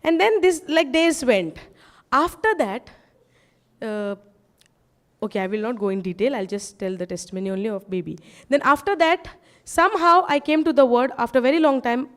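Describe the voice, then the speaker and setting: A high-pitched woman preaches to a congregation and tells her testimony. She keeps calling out to the crowd for answers, then turns quiet and low in her personal asides. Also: expressive, normal speed. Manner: asks the crowd "yes or no?", drops low and soft in asides.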